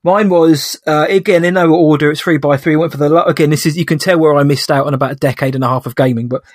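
Man, young adult, podcast co-host, jokey banter, higher-pitched voice, dry close sound. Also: steady tone, quick pace, no room sound. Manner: jokey, laughs often, banter. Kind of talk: casual chat.

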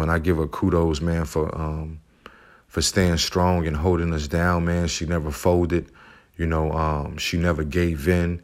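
Deep-voiced man telling a heartfelt story. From United States. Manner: heartfelt, loose speech full of "you know" and "man". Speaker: single father sharing his life story. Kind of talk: personal storytelling.

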